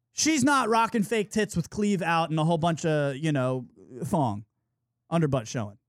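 A male podcast host tells a story in casual conversation, acting out each person he quotes as his pitch swings widely. Recorded on a studio mic, the sound is dry and close with no room echo.

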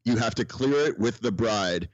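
A man's voice: lowish voice, animated, normal speed, no echo, dull audio. A man co-hosting a casual podcast, blunt and heated, swearing often. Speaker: podcast co-host.

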